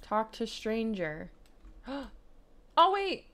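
A woman's voice: fairly high pitch, big pitch swings, very slow, a bit bright. A young woman giving casual let's play commentary, playfully bossing around the characters in her game. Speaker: gaming YouTuber.

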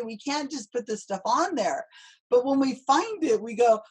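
A woman hosting a casual conversation, telling stories in a chatty, animated way. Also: on the high side, moderate pace, slightly rough, rough recording. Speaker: host.

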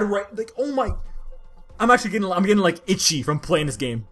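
A woman giving casual commentary over a platformer, talking to herself in frustration and bursting into loud complaints. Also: lowish voice, sing-song, moderate pace, long pauses, soft background music. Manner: exasperated, frustrated self-talk that bursts into loud outbursts. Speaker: let's play gamer.

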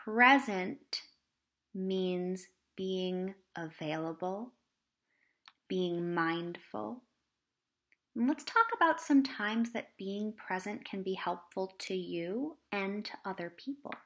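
A woman teacher explaining a lesson to children in a lively, animated way. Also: mid-range voice, slow. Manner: animated, acts out examples in different voices.

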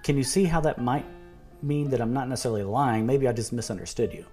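A man speaks in an argumentative video monologue at an ordinary middle pitch. He keeps restarting his words while he builds his point. A faint bed of music plays behind him. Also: fast, a little mellow. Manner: repeats and restarts words, reads quotes aloud, sarcastic. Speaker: video commentator.

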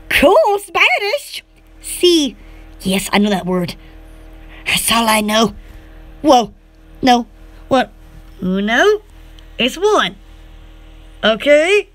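A young woman chats on a live stream in an excitable, scattered way. Her voice is very high and swoops all over, with a bright, sharp edge. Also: extremely slow, pauses often. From Alabama. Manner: excitable, scattered, greets viewers. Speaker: channel host. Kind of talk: casual live-stream chat.

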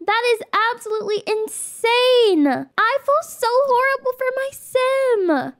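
A woman's voice: very high-pitched, measured pace, few pauses, dry recording, clean studio sound. A woman hosting a casual let's play, gushing and exclaiming as she comments and reads game text aloud. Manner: excitable, gushing, exclaims often.

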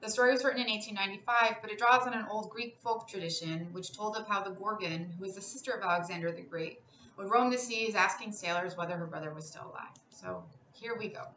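A woman's voice: medium pitch, far from the mic. Woman reading a story aloud. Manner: measured, expressive storytelling. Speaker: classics professor reading aloud. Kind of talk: literary reading. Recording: roomy, a bit off-mic, faint noise.

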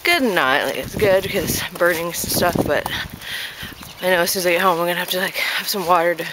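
A woman's voice: lowish voice, fast. A woman talking casually to the camera while walking her dog outdoors, a little out of breath and rambling with lots of fillers. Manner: rambling, chatty, many fillers. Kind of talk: casual walk-and-talk vlog. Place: outdoors in a neighborhood park. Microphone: handheld camera while walking. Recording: noisy outdoor camera audio. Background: outdoor noise.

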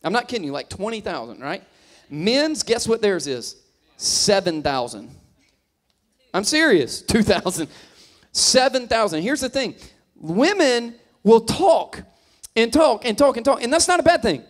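Speaking in a high, sing-song voice without hurrying, this pastor in his thirties delivers a funny sermon. He tells stories, joking with and teasing the people in front of him.

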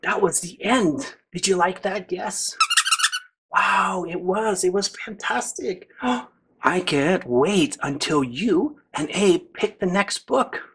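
A woman reading a picture book aloud to young children, gasping with excitement and talking straight to her listeners. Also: lowish voice, slow, husky. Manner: excited gasps, talks directly to the children. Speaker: children's storyteller.

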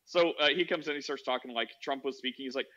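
A man's voice: medium pitch, quick pace, pushed and bright. A man casually telling a long anecdote on a podcast, rambling and filling his talk with "like". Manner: rambling, heavy use of "like" fillers. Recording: dull lo-fi audio.

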